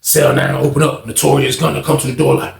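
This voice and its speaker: A man telling a prison story in casual, animated slang full of swearing. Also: medium pitch, fast, vocal fry, reverberant.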